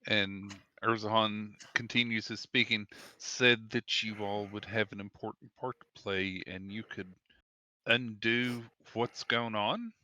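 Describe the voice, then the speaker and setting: Slow, bright-voiced man narrating as game master. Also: lowish voice, steady tone, dry recording. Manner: measured, descriptive.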